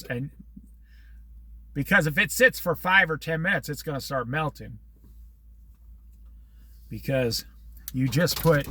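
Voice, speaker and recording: A man's voice: fairly high pitch, pushed and bright, dry recording. A middle-aged man in casual talk, rambling from story to story with religious asides. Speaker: vlogger.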